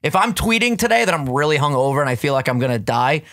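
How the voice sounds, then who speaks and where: A man's voice: on the high side, sing-song, quick pace, a bit bright, no echo, clean studio sound. A young man co-hosting a casual podcast, joking around in playful banter. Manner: joking, playful, drops into goofy voices. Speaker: podcast co-host. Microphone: studio headset.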